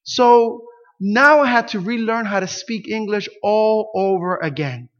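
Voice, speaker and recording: Pastor, male, Spanish speaker, high voice, animated storyteller, lo-fi recording. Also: a little slow. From Puerto Rico. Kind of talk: sermon with a personal story. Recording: dull lo-fi sound.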